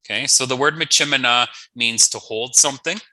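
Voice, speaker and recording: Bright-voiced patient male language teacher. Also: medium pitch, brisk, no room sound, low-quality recording. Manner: patient, repeats each word twice, playful asides. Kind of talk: online language lesson.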